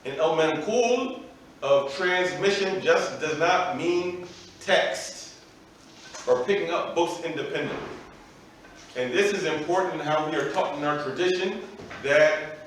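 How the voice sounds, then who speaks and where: A man delivers a religious lecture with emphatic explanations, his voice sitting a little high. He is heard from a distance in a very echoey room, with a faint noise underneath. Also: a little slow, fairly bright tone. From United States. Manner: explanatory, emphatic, asks the audience "right?". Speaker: imam giving a lecture. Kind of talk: religious lecture to a live audience. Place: festival venue with an audience.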